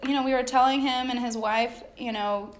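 Chatty American woman, bright higher voice. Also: normal speed. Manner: laughs often, storytelling with lively quoted dialogue. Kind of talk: casual chat.

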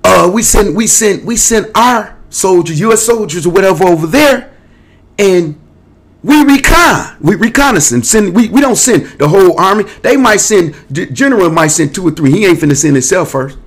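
A man's voice: high voice, lively intonation, normal speed. A man hosting his own show, delivering a rambling, digressive monologue to camera in a streetwise, casual way. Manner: digressive, restless, jumps between topics; streetwise, casual speech with cursing. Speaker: show host.

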